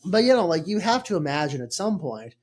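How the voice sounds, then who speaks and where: Young man, podcast host, husky voice, lively pitch, rambling jokey chat. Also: fairly quick. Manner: rambling, jokey, filler-heavy. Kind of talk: casual chat.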